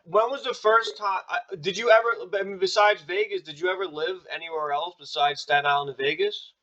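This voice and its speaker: A man's voice: high voice, steady tone, a little fast, bright, forceful tone, dull audio. A man interviewing a guest in casual chat, prompting him with short questions.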